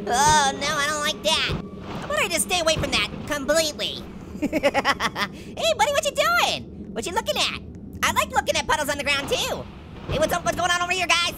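A man's voice: very high-pitched, very noisy. A man voicing a wisecracking male talking orange as a cartoon character, chattering and punning between giggles while commenting on a game. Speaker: gaming channel host. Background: loud game music.

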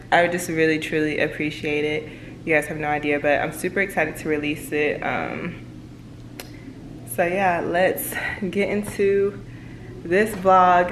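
A young woman talks straight to her camera in her bedroom, chatting fast and casually. Her voice sits a little low for a woman, with faint ambient noise in the room. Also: a bit bright, roomy sound. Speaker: vlogger. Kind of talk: casual vlog chat to camera.

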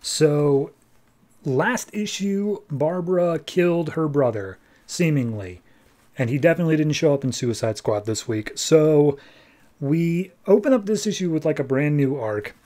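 A man's voice: a little high, animated, a little slow, warm tone. A man hosting a podcast, casually recapping a comic issue in a jokey, wry way. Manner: jokey, wry, acts out quotes. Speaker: podcast host.

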